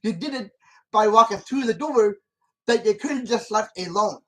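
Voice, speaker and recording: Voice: medium pitch, moderate pace, bright, forceful tone, poor audio. Rambling, emphatic film commentator. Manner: rambling and repetitive, with many restarts; argues emphatically with the character. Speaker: channel host.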